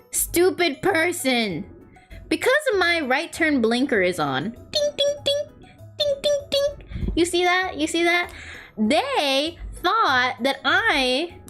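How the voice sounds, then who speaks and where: Animated, high-pitched young woman streamer. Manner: animated storytelling, rambling and self-mocking. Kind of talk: casual chat while drawing.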